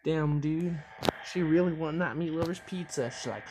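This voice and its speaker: A man's voice: on the high side, normal speed, noisy background. Profane, jumpy man playing a horror game. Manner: profane, jumpy, excitable reactions. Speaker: gamer. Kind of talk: horror gameplay commentary.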